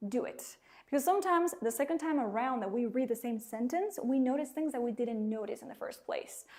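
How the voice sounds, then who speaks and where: A woman teaching English in a live online class, speaking with a Spanish accent. Her voice sits fairly high, and she keeps the lesson moving with coaxing questions to her viewers. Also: warm tone.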